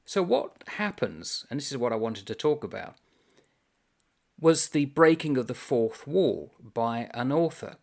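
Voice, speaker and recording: A man's voice: medium pitch, expressive, a little slow, vocal fry. A man hosting a book channel, casually discussing a comic novel in a rambling, amused way and reading passages aloud.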